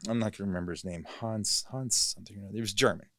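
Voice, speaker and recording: A man's voice: fairly low pitch, very fast, fairly bright tone, no echo. A male actor, a guest in a podcast studio, telling a long story in a casual, rambling way, often correcting himself and filling gaps with "you know".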